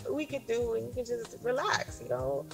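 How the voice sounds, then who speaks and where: Woman in her 40s, high voice, chatty rambling storyteller, faint music underneath. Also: very animated, normal speed, vocal fry. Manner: rambling, filler-heavy retelling of a conversation. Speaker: storyteller in a clip. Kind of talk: casual storytelling.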